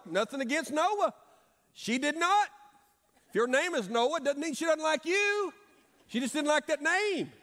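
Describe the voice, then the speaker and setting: A middle-aged man preaching a sermon as pastor, with dramatic pauses and emphatic repetition. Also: very high voice, fairly bright tone. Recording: long hall reverb.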